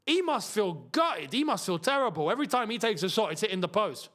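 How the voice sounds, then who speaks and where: A young man hosting a live football watchalong, reacting to the match with chatty asides and excited outbursts. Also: high-pitched, quick pace. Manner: excitable, shouts and laughs at chances, chatty asides.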